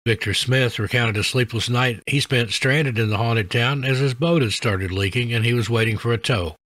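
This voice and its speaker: A man in scripted narration, telling spooky stories in a measured, even delivery. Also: mid-range voice, no echo.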